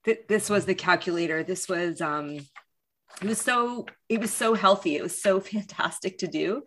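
A middle-aged woman in casual conversation, speaking with emotion, often halting and restarting with fillers. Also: fairly low pitch, fairly bright tone.

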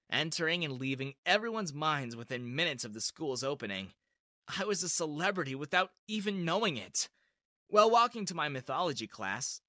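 A man reading a first-person story in a lively, expressive way. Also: fairly high pitch, dry recording, studio quality.

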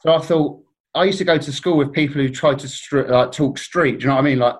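Surrey guy telling stories on a podcast, slightly high voice, does everyone's voices. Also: fast talker, poor audio. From Surrey, England. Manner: animated, acts out other people's voices in his stories. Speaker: guest. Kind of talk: casual podcast storytelling.

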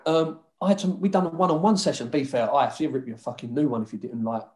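In a casual chat, a former footballer guest with a quick-paced, mid-range, darkish voice tells rowdy stories from his football days. He swears freely, laughs often, and does impressions of others.

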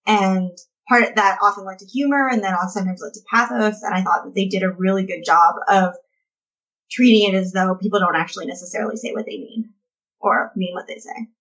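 Measured woman, a little off-mic. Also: mid-range voice, fairly bright tone, recorded from a distance, muffled recording. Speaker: podcast panelist. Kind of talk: casual discussion.

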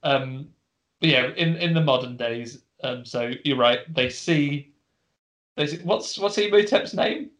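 Man, plot recap, chatty storyteller, mid pitch. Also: unhurried, fairly bright tone, rough recording. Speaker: podcast co-host. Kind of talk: casual film recap.

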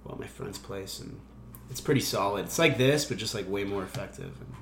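A man's voice: fairly low pitch, fairly quick, echoey room, slight background noise. A man, a comedian guest on a podcast, chatting casually in a loose, rambling, self-deprecating way. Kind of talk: casual chat.

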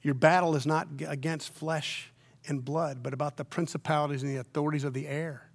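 A middle-aged male pastor delivering a sermon in a slightly higher-than-average voice. He drops to hushed, close tones for the serious points and then climbs to loud, emphatic peaks, so his delivery keeps rising and falling. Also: level tone, fairly quick, creaky. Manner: dynamic, swings from near-whispers to loud emphatic peaks.

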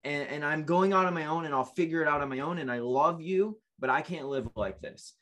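His voice sits on the high side, a bit bright and fairly quick. The man, in his late twenties, is an interview guest telling his life story in an earnest, emotional way, often starting over mid-thought.

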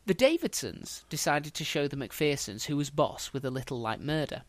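A man's voice: fairly high pitch, big pitch swings, normal speed, dry recording. A man hosting a podcast, telling history as a casual story with dry, wry humour.

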